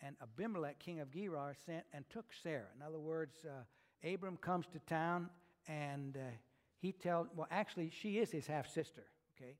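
Casting: male pastor, high voice, folksy animated sermon with casual asides. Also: moderate pace.

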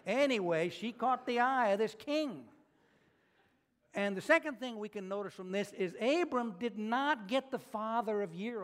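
A man preaching a sermon, retelling scripture in a folksy, animated way with casual asides. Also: high voice. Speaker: pastor.

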